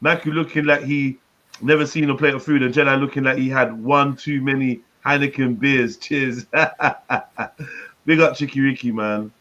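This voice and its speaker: A man's voice: medium pitch, fairly even intonation, normal speed, fairly bright tone. A man hosting a livestream, chatting casually, teasing and swearing as he laughs with a friend. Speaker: livestream host. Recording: dull lo-fi stream audio.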